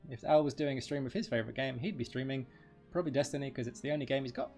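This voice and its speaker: A man's voice: medium pitch, steady tone, rapid-fire, creaky, a little mellow, faint music behind. A man doing live game stream commentary, chatty and rambling, joking with his chat.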